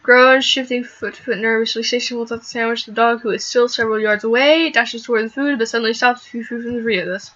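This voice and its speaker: A young woman reading a visual novel aloud and reacting to it, animated and quick to laugh. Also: on the high side, dull audio. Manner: animated, laughs and swears at the game. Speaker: let's play gamer.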